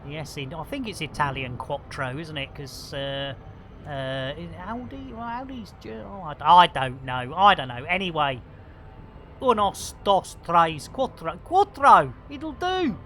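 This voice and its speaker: Jokey streamer, lively pitch. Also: male voice, moderate pace, slight background noise. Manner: jokey, chatty, full of playful catchphrases. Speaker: game streamer. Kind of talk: casual live game commentary.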